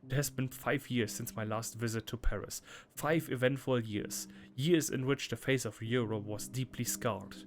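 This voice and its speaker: A man hosting a let's play, reading game text aloud and breaking into loud, laughing asides. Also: mid-range voice, normal speed, hardly any pauses. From Germany. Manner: laughs often, bursts into loud playful reactions between calm read-outs. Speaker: gaming channel host. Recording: game music clearly behind the voice.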